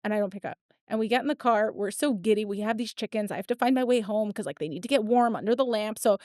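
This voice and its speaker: A woman's voice: medium pitch, fast talker, no echo, studio quality. A woman in her thirties, a podcast host telling a story in casual chat and acting out the people in it. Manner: animated storyteller, acts out quotes.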